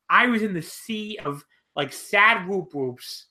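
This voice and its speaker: A woman's voice: lowish voice, moderate pace, hardly any pauses. A woman co-hosting a casual wrestling chat, telling stories with lots of swearing and cackling laughs. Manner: profane, animated storytelling, cackling laughs.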